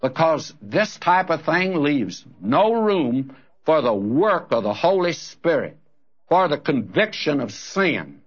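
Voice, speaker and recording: A man's voice: on the high side, very animated, slow, breathy edge. An older man preaching a sermon, earnest and direct, rising to emphatic rebukes. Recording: dull lo-fi archival recording.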